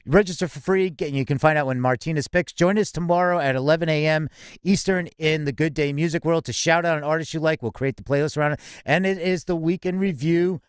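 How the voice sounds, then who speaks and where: A man's voice: on the high side, a little fast, clear, resonant tone, dry recording, clean studio sound. A man co-hosting a live music news show, chatting in an upbeat, casual way and laughing often. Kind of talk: casual live-stream chat. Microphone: home desk mic.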